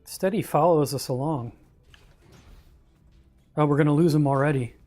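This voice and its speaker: A man's voice: a little high, moderate pace, pauses often, darkish tone, faint music behind. A man casually commenting on a game he is streaming, joking and reacting aloud.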